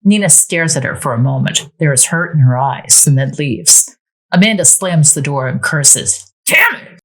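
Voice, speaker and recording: A woman's voice: low voice, moderate pace. A woman narrating a story told through a life-simulation game, reading scene descriptions aloud.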